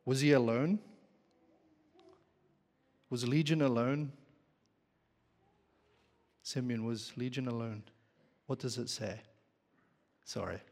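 Male preacher, slow deliberate delivery, questions the pews, long reverb of a church hall. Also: mid-range voice, fairly even intonation, darkish tone. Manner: questions the congregation. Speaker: pastor. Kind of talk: sermon.

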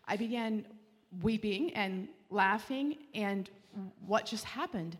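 Woman, mid-pitched, earnest and heartfelt testimony storytelling, halting restarts, long hall reverb. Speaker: speaker giving a Christian testimony.

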